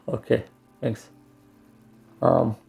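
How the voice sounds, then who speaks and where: A man's voice: mid-range voice, animated, drawn-out words, creaky, darkish tone. A man mutters casual gameplay commentary to himself while he plays, with some mild swearing. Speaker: gaming streamer.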